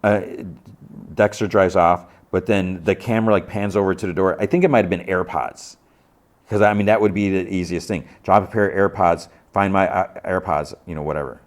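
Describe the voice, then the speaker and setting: Deep-voiced man recapping TV episodes. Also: steady tone, fairly quick. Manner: retells scenes, quoting characters in a low, muted voice. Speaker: podcast host.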